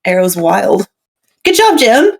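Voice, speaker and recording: A woman from Canada, chatty and quick to laugh, reading out trivia quiz questions. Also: mid-range voice, sing-song. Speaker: quiz host. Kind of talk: casual chat.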